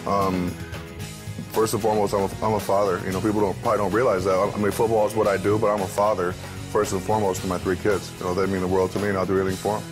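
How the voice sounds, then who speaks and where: A man in his thirties speaks quickly in a relaxed interview, his voice sitting low. He talks candidly and easily, with plenty of fillers and restarts, while faint music plays underneath. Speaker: interview guest, pro football player.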